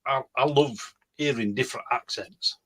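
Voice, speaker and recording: A man's voice: mid-range voice, normal speed, crowd noise. A man co-hosting a casual live-stream chat, blunt and swearing, with emphatic agreement. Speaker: co-host.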